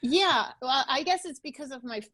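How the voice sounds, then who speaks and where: A woman's voice: sits high, lively intonation, moderate pace, sharp tone, no room sound. A woman being interviewed on a podcast over a video call, talking casually with many restarts. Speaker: podcast guest.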